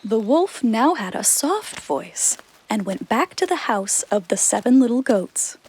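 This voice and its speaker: A woman narrating a children's fairy tale in a slow, expressive reading. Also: fairly high pitch, slight background noise. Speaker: storyteller.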